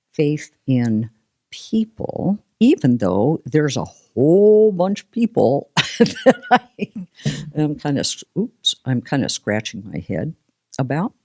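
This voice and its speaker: Low, lively-voiced older woman. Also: no room sound, clean studio sound. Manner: expressive, laughs often, animated storytelling. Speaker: podcast co-host. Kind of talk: casual conversation.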